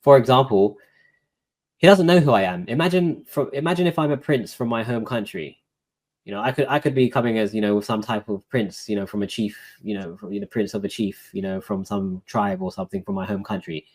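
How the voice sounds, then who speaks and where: A man's voice: lowish voice, brisk. A man talking casually as a guest, recounting a court visit with lots of fillers like "you know". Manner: relaxed, filler-heavy, recounting a court dialogue. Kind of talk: casual conversational storytelling.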